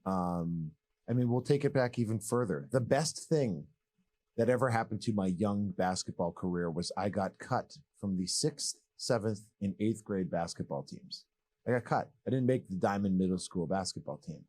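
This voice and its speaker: A man in his thirties from Massachusetts, a former pro basketball player, tells his story as a guest. His voice is on the low side at a moderate pace, and he's casual, candid, animated and rambling, joking as he goes.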